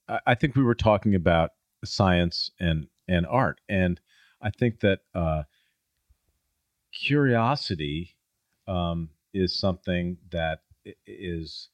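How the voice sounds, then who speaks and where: A middle-aged man talking as a guest, with a low voice. He tells stories loosely and acts out the people in them. The sound is dry and close. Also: dry recording. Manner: storytelling, acts out quoted people in a raised voice. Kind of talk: casual conversation.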